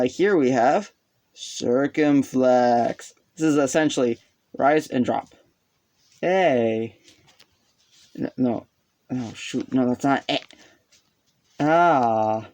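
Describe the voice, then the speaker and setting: With a medium pitch, normal speed, and a darkish tone, a man describes a language he has learned on his own. He is a rambling, hesitant hobbyist who makes self-deprecating jokes and sounds out vowels aloud along the way.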